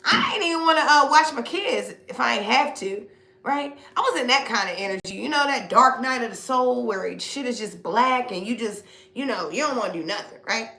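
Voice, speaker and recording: A woman's voice: on the high side, animated, fairly quick, pushed and bright, roomy sound. A middle-aged woman giving a casual spiritual reading to viewers, blunt and preachy, with slang and swearing. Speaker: spiritual reader.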